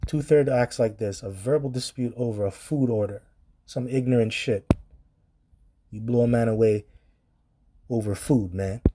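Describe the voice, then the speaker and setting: A man's voice: medium pitch, normal speed, pauses often, dark tone, a little hiss or hum. A man preaching on scripture in a blunt, profane commentary style, reading verses aloud and reacting to them.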